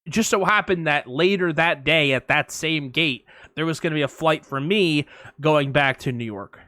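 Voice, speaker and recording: A man co-hosting a podcast, telling anecdotes in a casual, animated way and acting out voices and sounds. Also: on the high side, moderate pace, no room sound. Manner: animated storyteller, acts out voices and sirens. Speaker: podcast co-host. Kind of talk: casual storytelling chat.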